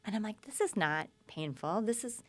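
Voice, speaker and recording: A woman guest telling her story in conversation, lively and acting out quoted speech. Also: mid-range voice, moderate pace. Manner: animated, acts out quoted speech.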